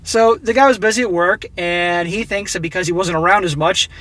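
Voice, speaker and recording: A man's voice: high-pitched, brisk, fairly bright tone. A man with a blunt, opinionated manner, reading a story aloud and adding his own commentary, speaking straight to his viewers. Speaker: relationship advice commentator.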